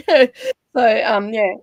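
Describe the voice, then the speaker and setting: A woman's voice: on the high side, wildly swooping pitch, slow pace, dry recording. A middle-aged Australian woman in casual chat on a livestream, rambling and chatty, with lots of fillers and frequent laughter. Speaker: livestream guest.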